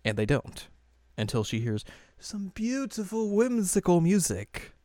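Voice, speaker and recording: A man co-hosting a podcast, recapping an episode in a casual, animated way with frequent laughs. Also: sits high, measured pace, no room sound, studio quality. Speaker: podcast co-host.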